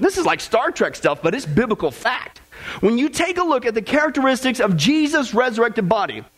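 A male pastor preaching a sermon to a congregation in an animated, joking way, laughing at his own jokes. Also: very high-pitched. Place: church with congregation.

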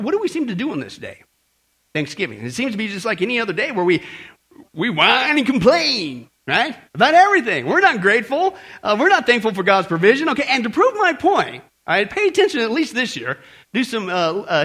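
Male pastor, lively swooping delivery, bright tone, sermon with rhetorical questions. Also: high-pitched, slightly rough. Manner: animated preaching, rhetorical questions to the congregation.

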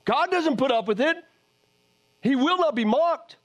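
A man preaching a fiery sermon, firing off scolding rhetorical questions and sometimes dropping to a low murmur. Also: lively intonation, unhurried, long pauses.

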